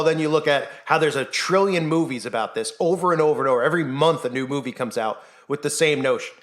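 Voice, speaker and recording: A Christian YouTuber with a slightly high, fairly bright voice speaks to the camera on his own channel. His monologue is passionate and insistent, laced with rhetorical questions, and he voices the people he quotes as he goes.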